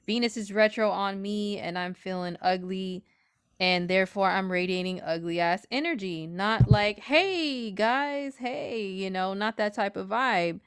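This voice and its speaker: A woman in casual chat on an astrology livestream, an animated storyteller who swears freely and acts out what people said. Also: mid-range voice, moderate pace, clear, resonant tone, no echo, clean studio sound.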